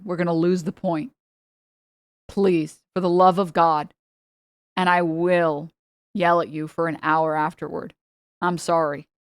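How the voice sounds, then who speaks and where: Woman, streamer, casual reaction rant, swearing, exasperated, lowish voice. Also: no room sound, clean studio sound. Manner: heated, profane, exasperated ranting; talks straight to chat.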